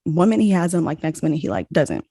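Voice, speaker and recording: A young woman hosting a podcast, telling a story in a casual, animated way and saying "like" a lot. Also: low-pitched, fast talker, breathy edge, dry recording. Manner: animated, heavy use of "like", acts out quoted dialogue. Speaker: podcast host.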